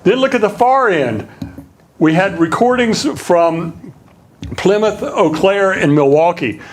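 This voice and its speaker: A man's voice: fairly high pitch, darkish tone. A man with a slight Southern accent giving a public lecture as a linguistics professor. He talks conversationally, with many fillers and restarts.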